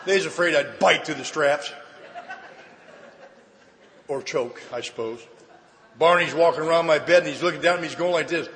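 A middle-aged man sharing his story with a live audience at a recovery meeting, a folksy comic storyteller with dry deadpan asides. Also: fairly high pitch, normal speed, long pauses. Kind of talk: humorous personal testimony to an audience. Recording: reverberant hall, faint background noise.

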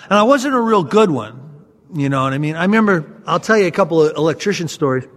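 Speaking quickly and with animated storytelling energy, a man with a strikingly high voice shares a self-deprecating account of his past and his recovery with an attentive audience. The recording carries the long, ringing reverb of a large hall.

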